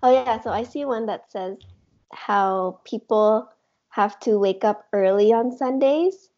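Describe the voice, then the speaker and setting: A woman with a mellow, warm-toned voice chats easily, often answering with short replies and laughing along with the others. Her pitch is in the middle of the range. The sound is muffled and lo-fi. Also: measured pace. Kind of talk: casual chat. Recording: dull lo-fi recording.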